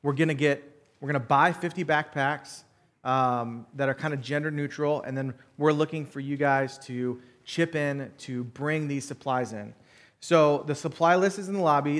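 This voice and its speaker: A man's voice: a little high, a bit bright. A man in his thirties, a church elder giving announcements and an earnest, emotional sermon with fillers and restarts. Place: church sanctuary.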